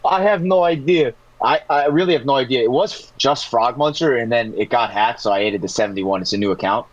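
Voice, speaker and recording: A man's voice: mid-range voice, brisk, muffled recording, a little hiss or hum. A man from New Jersey whose accent has faded, talking loosely as a podcast guest and telling stories with casual swearing. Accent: New Jersey, weakened. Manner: loose, laid-back storytelling with swearing. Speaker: guest, pro player.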